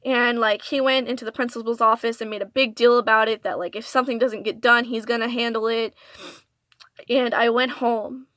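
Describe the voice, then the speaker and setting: A young female vlogger shares a painful story from her life, speaking in an earnest, confessional tone. Recorded close and dry in a dead room, her bright, somewhat high voice moves fairly quickly with fairly even intonation.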